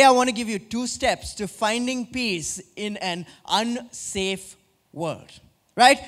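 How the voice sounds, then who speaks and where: A man preaching a sermon as pastor, asking the congregation questions and dropping low and slow on key words. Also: fairly bright tone. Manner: drops low and slow for emphasis.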